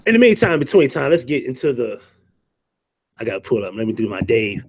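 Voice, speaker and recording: Male livestream host, animated and profane, talks close to a dry mic. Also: mid-range voice, brisk, breathy edge, dry recording. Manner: profane, joking banter, greets chatters. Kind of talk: casual livestream commentary.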